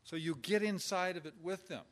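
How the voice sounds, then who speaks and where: A man delivers an informal lecture to caregivers, working through numbered points. His voice sits a little high, and he keeps it conversational, slipping into short acted-out exchanges to show what to say. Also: brisk, a bit bright. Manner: conversational, acts out example dialogue in quotes. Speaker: instructor on pastoral caregiving.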